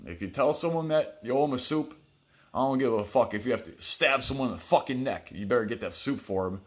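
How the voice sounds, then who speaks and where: A man with a fairly low voice tells stories from his own life in a loose, rambling monologue. His delivery is blunt and heavily profane, and he circles back over his points as he talks. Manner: rambling, heavy swearing, blunt. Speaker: vlog host telling his own stories.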